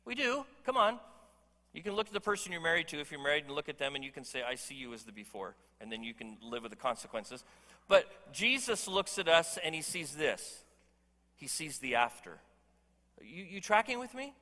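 Male pastor, sermon delivery, bright and forceful, joking with the room, long hall reverb. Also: a little high, very animated, fairly quick. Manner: emphatic, conversational, jokes with the congregation. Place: church hall.

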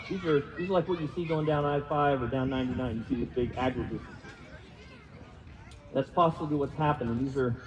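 A pastor with a mid-range, darkish voice preaches in a relaxed, self-deprecating manner, asking his congregation questions and having them repeat words. The recording comes from a reverberant hall and sounds dull and lo-fi.

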